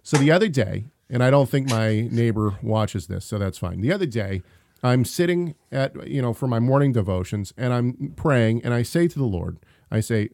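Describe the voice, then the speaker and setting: A man's voice: medium pitch, expressive, moderate pace, gravelly, darkish tone, dry recording. A man chatting casually on a podcast, telling stories with animation and frequent laughs. He often restarts mid-sentence. The recording is dry and close, with no room sound. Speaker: podcast co-host. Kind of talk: casual chat.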